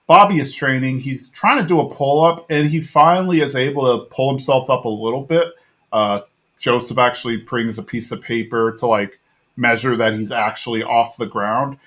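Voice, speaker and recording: A man in his thirties co-hosting a podcast, recapping a cartoon episode in a rambling, animated way with lots of filler words. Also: mid-range voice. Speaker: podcast co-host.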